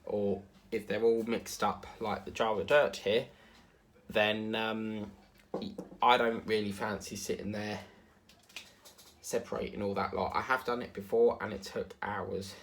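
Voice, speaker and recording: A man's voice: fairly low pitch, little pitch movement, a little slow, slight background noise. A man with an Essex accent tinged with South African, chatting casually and rambling while he works on a craft. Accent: Essex with some South African. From England. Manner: meandering, chatty, many fillers and asides. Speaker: diamond painting vlogger.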